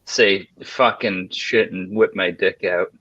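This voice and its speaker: A man co-hosting a podcast in casual chat, deadpan and hesitant, pausing often on fillers. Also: low-pitched, a crowd in the background. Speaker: podcast co-host. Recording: dull lo-fi sound.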